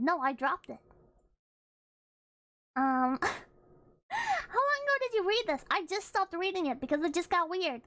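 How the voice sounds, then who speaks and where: A woman's voice: very high-pitched, big pitch swings, unhurried, pauses often, a bit bright, no echo. A woman streamer chatting casually, rambling with frequent laughs and swearing. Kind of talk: casual chat.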